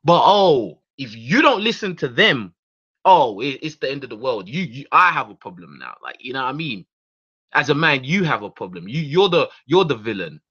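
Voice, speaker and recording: A man's voice: mid-range voice, very animated, moderate pace, bright, forceful tone, husky. A man hosting his own radio show, ranting in a heated, profane monologue full of repeated words and restarts. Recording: dull lo-fi recording.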